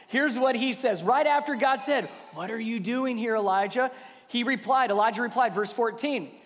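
Pastor, male, high voice; preaches with big dynamic swings, loud to hushed, in a church hall with long reverb. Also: normal speed. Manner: swings from loud emphatic peaks to hushed near-whispers. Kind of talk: sermon.

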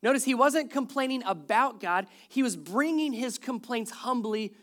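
Pastor preaching, middle pitch, tells bible stories with lots of energy, jokes around with the crowd. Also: normal speed. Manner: animated storytelling, acts out quoted complaints; jokes with the congregation. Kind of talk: sermon.

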